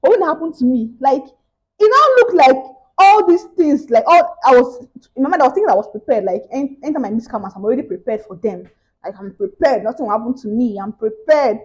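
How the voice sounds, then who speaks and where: A woman's voice: a little high, quick pace, a little mellow, slightly rough, rough recording. A young Nigerian woman with a Nigerian accent, telling a story in a casual vlog and acting out the other people's voices. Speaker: vlogger.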